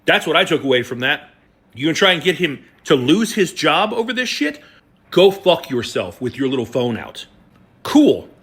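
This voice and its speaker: A man's voice: fairly high pitch, big pitch swings, normal speed, fairly bright tone. A man giving blunt, profane commentary, telling a story before turning angry. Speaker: online commentator.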